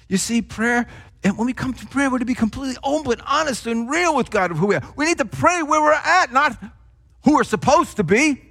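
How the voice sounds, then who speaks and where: High-voiced older preacher, emphatic swings. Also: male voice, sing-song, a little fast. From New Jersey. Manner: emphatic, swings between hushed drops and raised stresses. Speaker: pastor. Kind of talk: sermon.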